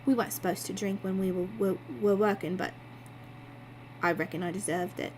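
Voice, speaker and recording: A woman's voice: mid-range voice, steady tone, fairly quick, a little mellow, slight background noise, natural voice. A woman voicing a chatty, cheeky barmaid, telling her story breezily. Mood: breezy.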